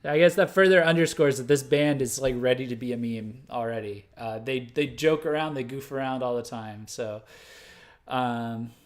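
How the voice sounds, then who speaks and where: Man, from the US, livestream host, casual off-the-cuff talk, many fillers, mid-range pitch. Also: moderate pace. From United States. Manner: rambling, full of fillers and self-corrections; laughs at his own mistakes. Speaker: host of a music news livestream. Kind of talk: unscripted livestream commentary.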